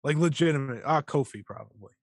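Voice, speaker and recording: A man co-hosting a casual wrestling podcast, talking excitedly and swearing freely. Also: mid-range voice, fast talker, no echo, studio quality. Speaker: podcast co-host.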